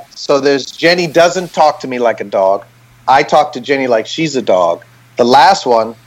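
Animated man explaining on a call. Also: on the high side, poor audio. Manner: animated, talks things through with many "right?" checks. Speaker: band member on a group call. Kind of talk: casual explanatory chat. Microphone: remote call.

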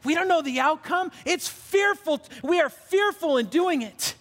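With a lively, unhurried delivery, a male pastor preaches a sermon in an extremely high, fairly bright voice. He's earnest and emphatic, frequently restarting phrases, and a large hall gives the recording a long reverb.

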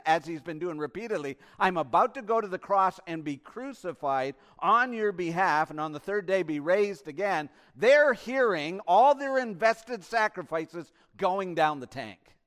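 A high-pitched male pastor preaches with passion, swinging from loud emphasis to hushed asides and posing rhetorical questions to the congregation.

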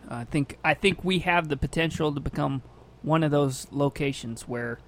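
A man's voice: a little high, normal speed, a bit bright. A man hosting a radio talk show, chatting casually and joking with his guests. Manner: jokey, laughs often. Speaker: radio host.

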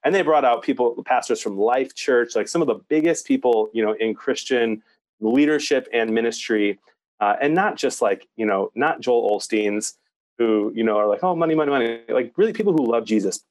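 A man's voice: medium pitch, moderate pace. Story-telling man on a podcast. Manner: storytelling, animated. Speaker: podcast co-host, youth minister. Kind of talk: casual chat.

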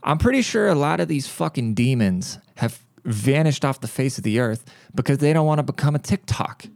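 A man's voice: mid-range voice, lively intonation, fairly quick, vocal fry, darkish tone, no echo, studio quality. A man hosting his own podcast, telling stories in a blunt, profane, ranting monologue. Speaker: podcast host.

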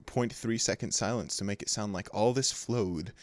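A young man from California co-hosts a casual podcast. His voice sits on the lower side, and he rambles from one joke to the next, laughing easily. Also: moderate pace, dry recording. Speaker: podcast co-host.

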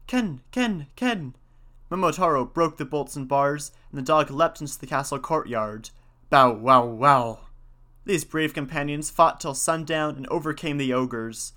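A man's voice: fairly high pitch, normal speed, few pauses, a bit bright. A man narrating an old folk tale in a folksy, old-fashioned storybook manner.

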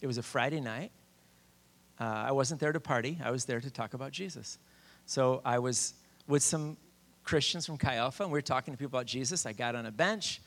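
Animated man preaching a testimony. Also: mid-range voice, fairly quick. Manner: animated storyteller, shouts quoted lines. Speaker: campus minister preaching. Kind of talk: sermon with personal testimony.

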